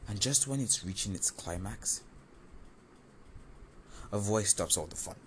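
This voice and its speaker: A man telling a first-person story in an animated, confessional, self-mocking way. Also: lowish voice, measured pace, slight background noise.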